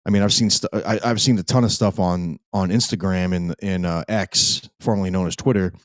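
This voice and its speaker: Man, podcast host, very deep voice, dry close sound, rambling, emphatic. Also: steady tone, a little fast, no room sound. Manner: rambling and emphatic, with frequent restarts. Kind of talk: live podcast monologue.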